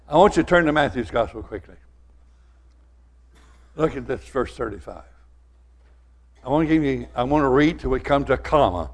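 An older man with a drawl delivers a sermon in a folksy, storytelling way. His voice sits at an ordinary middle pitch. He swings from loud, rising lines to quiet, earnest asides. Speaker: pastor.

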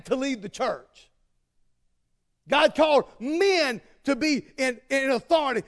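A male pastor preaching a sermon, dropping to quiet asides and then rising to loud, shouted exhortation. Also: very high voice, lively intonation, slow pace.

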